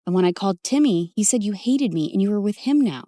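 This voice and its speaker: Cartoon role: woman playing a protective young guy, voice pushed lower, expressive. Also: quick pace, no echo, clean studio sound, close to an everyday voice. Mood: earnest. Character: protective young man, angry then tender.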